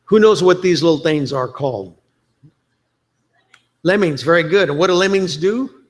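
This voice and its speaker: A man's voice: fairly high pitch, moderate pace. A man giving a chatty, joking conference presentation, quoting movie lines for laughs. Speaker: conference speaker.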